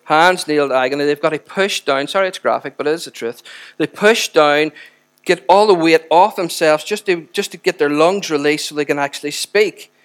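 A man preaching a sermon with impassioned, animated emphasis. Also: fairly high pitch, moderate pace.

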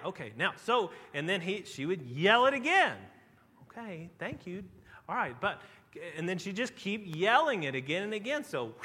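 A man preaching a sermon as pastor, telling the story with animated swings and hushed drops for emphasis. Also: high voice. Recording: long hall reverb.

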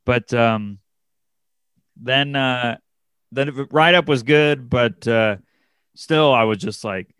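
A young man, a comedian and podcast co-host, telling a story in casual chat, animated and full of fillers and restarts, jumping his pitch up to act out the people he quotes. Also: slow pace, long pauses, clear, resonant tone, no room sound.

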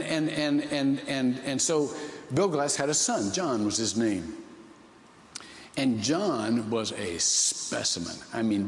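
A man's voice: medium pitch, echoey room, in a large hall, a little hiss or hum. A man from Ohio preaching a sermon, telling a story with many restarts and rising emotional swells. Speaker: pastor.

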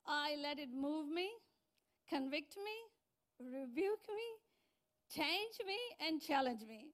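A middle-aged woman pastor preaching a sermon, telling stories with lively acted-out quotes. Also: high voice, slow. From outside New Zealand. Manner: animated storytelling with acted-out quotes.

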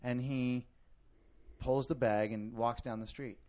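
A man co-hosting a casual podcast, telling a brash story with swearing and loud outbursts. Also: mid-range voice, fairly even intonation, takes it slowly. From Los Angeles area. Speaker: podcast co-host. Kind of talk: casual chat.

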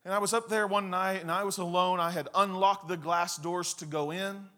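A man preaching a sermon, telling a personal story with lively, acted-out scenes and asides to the congregation. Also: sits high, normal speed. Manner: animated storyteller, acts out scenes and quotes. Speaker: pastor.

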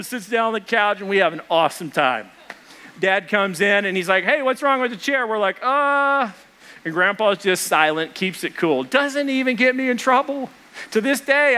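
A man, a pastor, preaching a sermon and telling a family story with lively retold dialogue. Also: sits high. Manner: storytelling with animated retelling of dialogue.

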